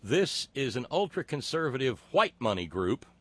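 A man hosting a political talk show, reading listener comments with sardonic, profane mockery and many halting filler words. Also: medium pitch, big pitch swings, dry recording.

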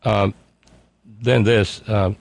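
A man's voice: lowish voice, steady tone, drawn-out words, gravelly, no room sound. A middle-aged man hosting a call-in radio show, sardonic, reading listener messages aloud in mocking voices. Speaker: radio talk show host.

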